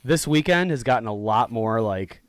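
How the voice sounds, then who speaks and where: A man hosting a casual podcast, excitable and swearing as he sets up a story. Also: medium pitch, normal speed, no echo.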